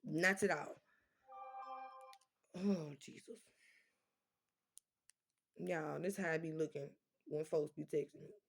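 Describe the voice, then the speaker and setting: A woman, talking fast and emphatically straight to viewers in a casual rant, her words often running together. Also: on the low side. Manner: emphatic, repeats "doggone", fast slurring talk. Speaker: vlogger addressing viewers. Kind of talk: casual direct-to-camera rant. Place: indoors at home, dim lighting.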